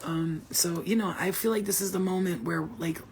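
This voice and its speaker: A woman's voice: fairly low pitch, steady tone, moderate pace, darkish tone, slight background noise. A woman, a spiritual healer, rambling and swearing freely in casual chat with her viewers.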